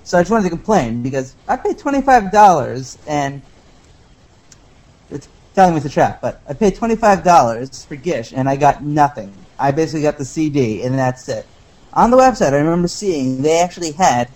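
Guy calling into a podcast, slightly high voice, rambling complaints. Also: lively intonation, moderate pace, darkish tone, low-quality recording. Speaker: caller. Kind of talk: call-in chat.

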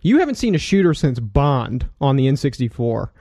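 A man's voice: medium pitch, very animated, moderate pace, warm tone, no room sound, clean studio sound. A man co-hosting a casual gaming chat, enthusiastic, often repeating words as he talks. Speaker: podcast co-host.

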